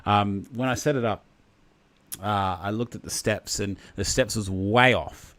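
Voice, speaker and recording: Aussie guy hosting a stream, lowish voice, rambly and jokey, reads out comments. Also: a little slow, a bit bright, no echo. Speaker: livestream host. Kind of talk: casual chat on a livestream.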